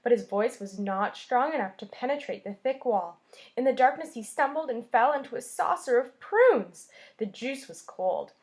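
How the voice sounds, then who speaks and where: A woman teacher with a fairly high voice reads a children's chapter book aloud. Her storytelling is expressive, and she stops now and then to point out the pictures. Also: normal speed.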